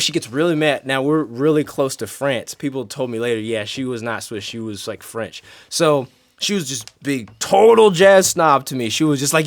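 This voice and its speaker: Animated man telling a band story. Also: moderate pace. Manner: lively, big swings in pitch and volume. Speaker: band member.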